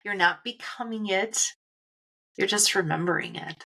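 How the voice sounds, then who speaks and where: A woman co-hosting a spiritual podcast, speaking in a calm, reflective, guiding way. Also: mid-range voice, creaky. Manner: calm, guiding, slows down for stillness. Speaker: podcast co-host.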